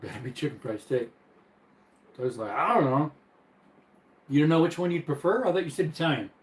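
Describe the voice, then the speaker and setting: A chatty man hosting a live stream from his bedroom, speaking a touch higher than most men. He is easygoing and laughs often while reading viewer comments aloud. The room adds a clear echo. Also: fairly quick. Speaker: livestream host.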